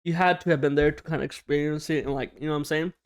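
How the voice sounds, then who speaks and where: A young man hosting a casual storytime vlog, slangy and animated, swearing often and acting out what people said. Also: fairly high pitch, very fast, smooth. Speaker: storytime YouTuber.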